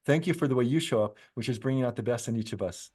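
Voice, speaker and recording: A middle-aged man, host of a business coaching podcast, talking in a calm, unhurried, reflective way and guiding slow breathing pauses. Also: medium pitch, over music.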